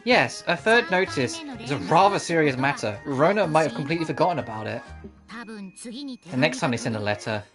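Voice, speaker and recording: A woman voicing a calm, composed female alchemy teacher in a game, speaking in a measured, lecturing way. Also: low voice, music in the background.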